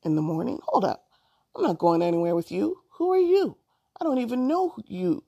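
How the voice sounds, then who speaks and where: A woman's voice: on the low side, sing-song, a little fast, gravelly, dark tone, slightly rough, highs cut off, heavily acted. A woman reading a story aloud and voicing a curious, defiant young girl.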